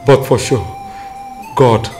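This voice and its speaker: An actor with a Nigerian accent playing an older, dying Christian father who speaks slowly and gravely. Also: mid-range voice, fairly even intonation, a little mellow, lightly acted. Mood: solemn. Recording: music playing behind.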